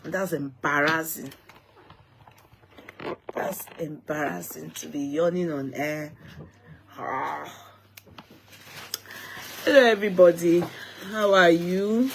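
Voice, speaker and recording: A woman's voice: deep voice, slow, vocal fry, pauses often, a little hiss or hum. A tired Nigerian woman hosting a casual live stream, chatting to viewers with repeated greetings and bits of Pidgin. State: tired, yawning.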